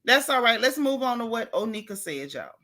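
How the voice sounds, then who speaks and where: A woman's voice: a little high, big pitch swings, brisk, sharp tone. A middle-aged woman, hosting a gossip commentary show in a sassy, emphatic way, talking straight to her viewers. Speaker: host.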